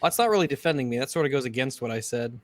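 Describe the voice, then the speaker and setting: A man's voice: medium pitch, animated, racing, no room sound. An American man, a guest on a panel stream, making dry sarcastic jokes. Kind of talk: casual chat.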